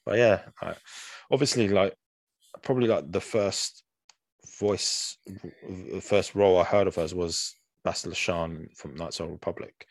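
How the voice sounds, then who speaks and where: A man with a deep, low voice co-hosts a casual podcast chat and wanders through his thoughts with lots of "um"s and restarts. He sounds close and dry, with no room around him. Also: moderate pace, dry recording. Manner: rambling, hesitant, many fillers and restarts. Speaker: podcast co-host.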